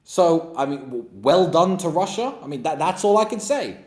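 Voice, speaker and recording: A man's voice: a little high, very animated, normal speed, darkish tone. A man in his thirties giving a blunt, scornful opinion monologue as a commentator. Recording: roomy echo.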